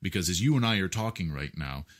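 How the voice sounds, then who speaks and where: A man with a very low, deep voice, talking through ideas in a patient, lecturing way. He leans on fillers and keeps checking in with his listener. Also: animated, fast talker. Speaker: guest musician. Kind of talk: explanatory interview talk.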